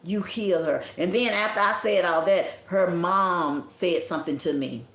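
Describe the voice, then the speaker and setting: A woman's voice: lowish voice, normal speed, fairly bright tone. Grieving woman, livestream monologue, preachy and scolding, echoey room. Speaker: livestream host. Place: indoor room at home.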